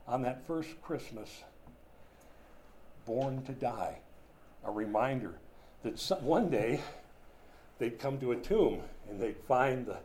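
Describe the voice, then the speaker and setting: A man's voice: mid-range voice, dark tone, slight background noise. An older man preaching a sermon in a conversational, folksy way, with chatty asides and small jokes. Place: room with a whiteboard.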